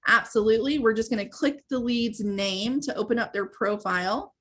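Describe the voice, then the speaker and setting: A woman's voice: on the high side, normal speed, fairly bright tone. A woman hosting a live training webinar, explaining step by step in a conversational way. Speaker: webinar host and sales trainer.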